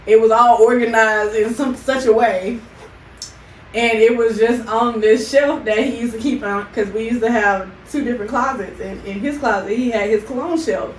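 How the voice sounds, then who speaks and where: A woman's voice: on the high side, normal speed. Laughing storyteller woman, roomy sound. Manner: animated storytelling with frequent laughter. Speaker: podcast co-host. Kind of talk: casual couple chat. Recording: roomy, distant mic, faint noise.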